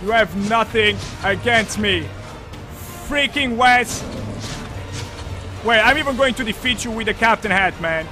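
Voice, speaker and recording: Man, game streamer, unhurried thinking-aloud chatter, sudden loud exclamations, faint music behind. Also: high voice. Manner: thinks aloud with many fillers, bursts into loud excited shouts. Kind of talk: live gameplay commentary.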